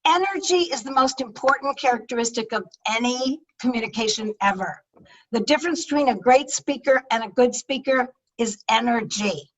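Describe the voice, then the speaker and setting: Higher-pitched woman, speaking coach, emphatic and lively, sounds a bit off-mic on a video call. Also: moderate pace, distant mic, rough recording. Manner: energetic, emphatic, conversational. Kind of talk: webinar talk on public speaking.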